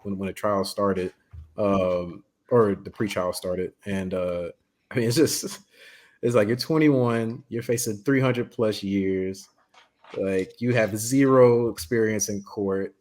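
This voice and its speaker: A man's voice: on the low side, steady tone, slow pace, a little mellow. A man, a guest writer, telling a story in casual podcast chat, loose and full of fillers.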